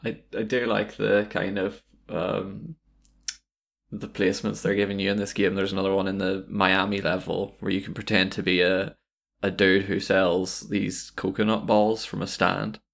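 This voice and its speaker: A man with a deep, gravelly voice chatting casually about games. He rambles along, restarting sentences and filling pauses as he goes. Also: flat delivery, a bit bright. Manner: rambling, many fillers and restarts.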